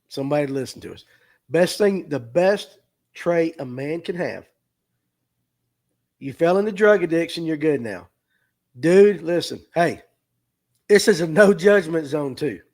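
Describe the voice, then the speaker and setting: Emotional man, higher voice. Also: animated, normal speed, a little mellow. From US South. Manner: earnest, emotional, repeats himself, near tears. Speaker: tackle shop owner hosting a livestream. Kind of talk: heartfelt casual livestream talk. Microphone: streaming mic.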